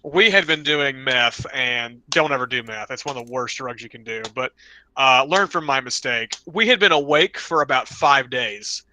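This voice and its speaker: A young man on a podcast telling rambling, animated stories, now and then slipping into loud voices for his friends. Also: medium pitch, normal speed, slight background noise. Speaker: podcast co-host. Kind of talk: casual storytelling chat.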